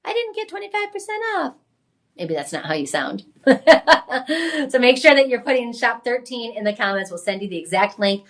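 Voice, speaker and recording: Chatty, enthusiastic shopping-channel hostess, mid-pitched woman, live sales pitch. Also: expressive, moderate pace. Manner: enthusiastic, chatty, exclaims and laughs often.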